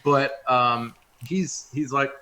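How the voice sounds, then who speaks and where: A man's voice: medium pitch, slow, sharp tone. Hesitant man playing a tabletop game. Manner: hesitant, many fillers and restarts, chuckling. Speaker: player. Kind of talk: casual tabletop role-play talk.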